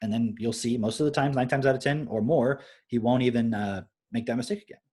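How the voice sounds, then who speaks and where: A young adult man with a slightly husky voice talks casually on a live stream. He explains things through everyday stories, often pausing to ask "right?". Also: mid-range voice, darkish tone. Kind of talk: casual parenting talk.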